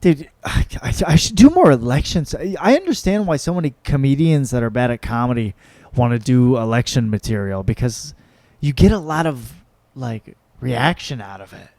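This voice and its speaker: Young male comic host, mellow tone, dry close sound, loose profane rambling. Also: medium pitch, animated, moderate pace, dry recording. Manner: rambling, profane, self-mocking. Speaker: podcast host and comedian. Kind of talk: casual solo podcast chat.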